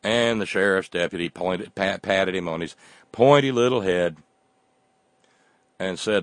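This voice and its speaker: A man's voice: low-pitched, measured pace, pauses often, no echo. A man delivering a sarcastic satirical monologue as a commentator, often restarting his words.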